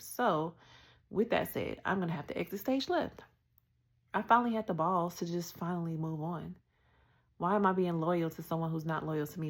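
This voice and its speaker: A woman candidly retelling a personal work story, animated and acting out the quotes. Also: low-pitched, gravelly. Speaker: podcast host.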